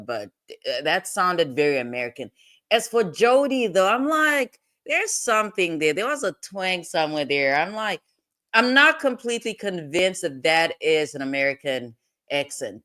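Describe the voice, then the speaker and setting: A woman's voice: on the low side, pushed and bright. A woman hosting a legal commentary livestream, rambling and digressive in casual talk, breaking into laughs often.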